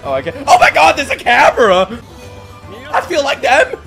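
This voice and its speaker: A young man commenting on an anime episode as he watches it, often shouting, laughing and swearing. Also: very high voice, normal speed, creaky, music in the background. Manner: loud excited outbursts and laughter, swearing. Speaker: anime reaction YouTuber. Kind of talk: excited reaction commentary.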